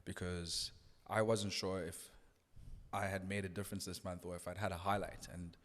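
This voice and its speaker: An earnest man recounts a story at a thoughtful pace. His voice sits low, and the room leaves a long reverb trail behind each phrase. He restarts his sentences often as he reflects. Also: level tone, moderate pace, a bit bright. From South Africa. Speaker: radio DJ guest. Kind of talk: casual podcast conversation.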